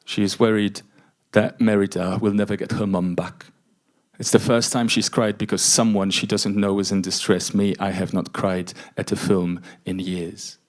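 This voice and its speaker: A man's voice: on the low side, level tone, moderate pace. A middle-aged man performing spoken word poetry at a conference, introducing his poems in a hesitant, chatty way. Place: conference room before an audience.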